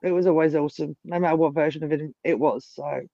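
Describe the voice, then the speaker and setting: A woman's voice: deep voice, steady tone, quick pace, creaky, mellow, no echo, muffled recording. A woman co-hosting a casual podcast, blunt and emphatic, swearing often. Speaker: podcast co-host. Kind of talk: casual chat.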